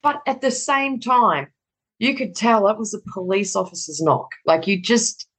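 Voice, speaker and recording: A woman's voice: medium pitch, animated, measured pace, husky, rough recording. A middle-aged woman telling a personal story in conversation, candid and casually swearing, acting out the dialogue.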